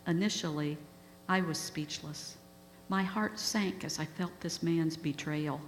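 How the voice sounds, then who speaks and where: A woman's voice: deep voice, unhurried. A woman giving a talk, earnestly retelling an emotional story to an audience. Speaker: guest speaker. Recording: echoey hall with faint hum.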